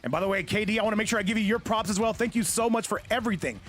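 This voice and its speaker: A man hosting a live esports tournament stream, commentating excitedly and often shouting, talking quickly until he runs out of breath. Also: high-pitched. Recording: loud game music behind.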